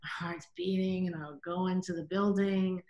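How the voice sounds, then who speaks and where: A woman telling a story in casual chat, animated, acting out quotes and filling with "like". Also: fairly low pitch, normal speed, roomy sound, lo-fi sound. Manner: animated, acts out quotes, says "like" often. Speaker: guest director.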